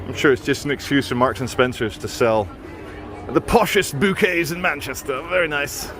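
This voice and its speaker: A man's voice: medium pitch, moderate pace. A man gives sardonic, mocking running commentary on a walking street vlog, filming on a handheld camera or phone as he walks outdoors through a city. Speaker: vlogger.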